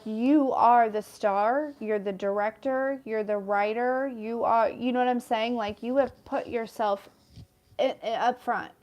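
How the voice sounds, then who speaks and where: A woman's voice: on the high side, a little mellow. A woman in her thirties giving a casual tarot card reading, chatty and rambling with lots of fillers. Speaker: tarot reader.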